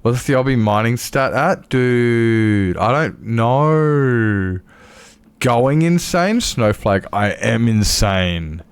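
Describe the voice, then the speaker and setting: A man's voice: mid-range voice, expressive, slow pace, clear, resonant tone, no echo. An Australian man streaming a game, chatting casually and rambling in a self-mocking way with his viewers. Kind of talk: casual live-stream chat while playing.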